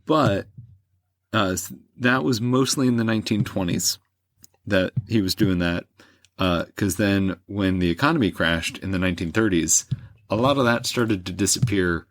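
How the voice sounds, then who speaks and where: Male podcast host, deep voice, dry booth sound, loose rambling explainer. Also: normal speed, dry recording. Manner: rambling, many fillers and restarts. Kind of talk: casual history podcast chat.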